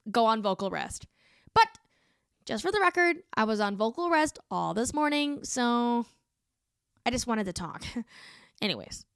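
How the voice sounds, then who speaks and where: A woman's voice: fairly high pitch, fairly bright tone, clear, resonant tone, no echo, studio quality. A young woman with a lingering cold, chatting casually on her vlog, giggling often and filling her talk with "like.". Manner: chatty, giggly, lots of "like" fillers. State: getting over a cold. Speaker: beatboxer and YouTuber.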